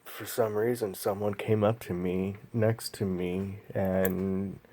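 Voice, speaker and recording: A man vlogging a personal story in a slow, halting, emotional way, pausing often. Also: low voice, fairly even intonation, mellow.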